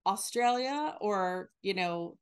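A woman in her thirties from the northern United States, co-hosting a casual chat, animated and acting out quotes in exaggerated voices. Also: medium pitch, takes it slowly, clear, resonant tone. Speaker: podcast co-host.

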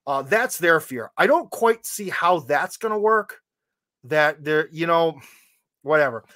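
Podcast host: American man with a higher-than-usual voice, rambling casual chat, wry asides, very dry close sound. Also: animated, a little slow, bright, forceful tone, no room sound. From United States.

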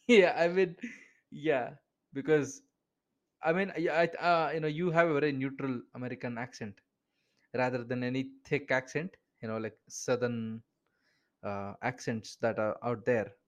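A man of medium pitch and measured pace hosts a casual podcast interview in an Indian English accent. Chatty throughout, he says "you know" often and laughs between his points.

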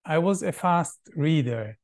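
A man from Israel speaks slowly, in a fairly high voice. He talks in a halting way, repeating words as he searches for what to say. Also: animated. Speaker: guest. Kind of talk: casual conversation.

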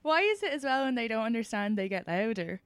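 A woman's voice: on the high side, big pitch swings, quick pace, clean tone, no room sound. A woman podcast host with an Irish accent that mixes Dublin and country sounds, chatting loosely, swearing and joking. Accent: Irish, mix of Dublin and country. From Leixlip area, Ireland. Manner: loose, swearing, laughing banter. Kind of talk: casual podcast chat.

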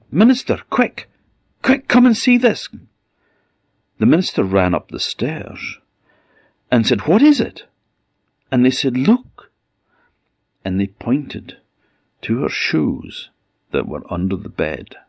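Male folk-tale narrator, slow and solemn, dry close sound. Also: low voice, creaky, slightly rough, no echo. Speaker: storyteller.

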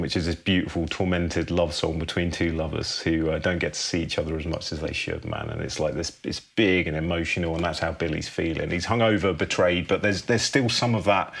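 A man's voice: sits low, gravelly, fairly bright tone. A man hosting a podcast, telling a film story in a laid-back, casual way and ending phrases with "man".

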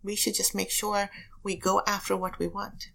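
A woman's voice: mid-range voice, flat delivery, normal speed, vocal fry, bright, forceful tone. A woman who is a prosecutor and elected official, answering interview questions with earnest, emphatic personal stories.

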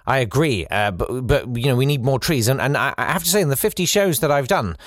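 A man's voice: mid-range voice, lively intonation, brisk, no room sound, studio quality. A man hosting a comedy show, delivering a rambling, sarcastic satirical monologue. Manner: wry, rambling, sarcastic asides. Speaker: comedy podcast host.

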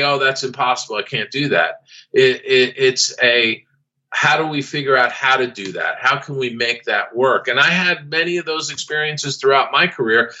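A man with a bright, forceful voice tells a long story as a podcast guest. He often stops and restarts with plenty of fillers, and the recording sounds dull and lo-fi. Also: medium pitch. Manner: halting, with many fillers and restarts. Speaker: guest, former studio artist. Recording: dull lo-fi audio.

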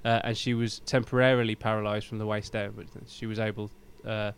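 A man's voice: on the low side, flat delivery, a little fast, clean tone. A man co-hosting a casual podcast chat, recounting facts with a few ums. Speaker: podcast co-host.

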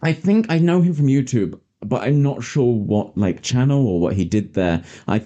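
Very low-voiced British woman podcaster. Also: lively intonation, moderate pace, dark tone, dull audio. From Britain. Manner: chatty, recaps plot with many fillers and laughs. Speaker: podcast host. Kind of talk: casual movie-review chat.

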